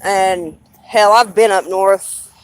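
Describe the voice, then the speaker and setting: A woman's voice: medium pitch, fairly even intonation, takes it slowly. A woman with a Southern US accent chatting casually on a live stream, rambling and blunt, swearing freely.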